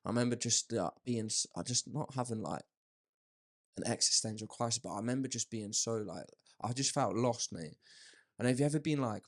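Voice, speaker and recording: A man's voice: medium pitch, a little fast. A young man chatting candidly on a podcast, rambling and calling his listener "mate". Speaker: podcast host. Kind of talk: casual podcast chat.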